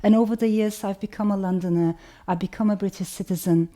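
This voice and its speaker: A woman author with a Turkish accent, speaking in a thoughtful, measured way and often saying "you know". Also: medium pitch, fairly even intonation, warm tone. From Turkey. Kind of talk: reflective talk to camera.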